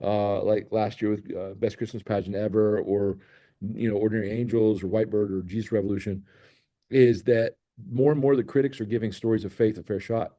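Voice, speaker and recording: Male director guest, middle-aged, low and warm, eager storyteller who restarts often. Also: steady tone, brisk. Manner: enthusiastic storytelling with many restarts. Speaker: film director and producer, guest. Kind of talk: interview chat.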